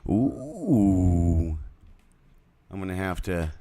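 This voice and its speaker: A man's voice: mid-range voice, very animated, normal speed. A man co-hosting a live stream, bantering and teasing in a loose, jokey way. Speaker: podcast co-host. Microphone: video call.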